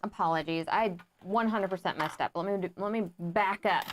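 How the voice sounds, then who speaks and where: A woman's voice: mid-range voice, moderate pace, slight background noise. A woman co-hosting a live board game playthrough, giggling, thinking aloud about her moves and apologizing for mistakes. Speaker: board game show co-host. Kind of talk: casual live playthrough chat.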